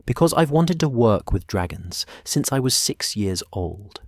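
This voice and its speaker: A man's voice: medium pitch, sing-song, unhurried, no echo, clean studio sound. A man voicing an earnest young dragon handler who speaks steadily and directly.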